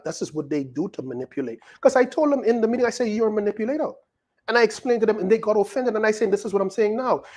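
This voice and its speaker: A man's voice: high-pitched, a little mellow. A man with a Bahamian accent, a pastor preaching a sermon in an emphatic way, full of rhetorical questions.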